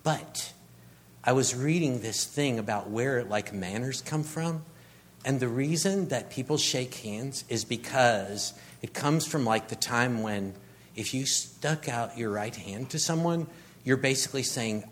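A man, preaching a humorous sermon as a rambling storyteller who grows animated. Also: medium pitch, a little slow, slight background noise.

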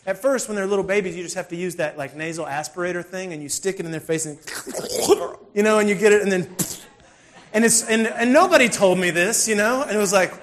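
A man's voice: sits high, fairly quick, a little hiss or hum. A man, telling a funny story in a sermon and acting out the scenes with self-mocking humor. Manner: animated, self-deprecating, acts out scenes.

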